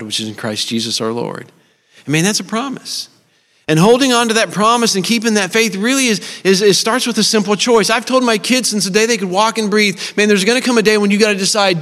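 A middle-aged man with a high-pitched, slightly bright voice preaches at a church service. He tells earnest, personal stories laced with touches of humor, and the recording echoes with the long reverb of a large hall.

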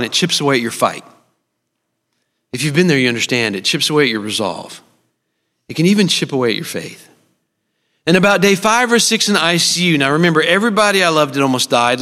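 Guy preaching, middle-aged, kinda high voice, earnest and personal w some jokes, big echoey church hall. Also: fairly bright tone. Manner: personal, earnest storytelling with humor. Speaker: speaker at a church service. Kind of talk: sermon. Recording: long reverb of a large hall.

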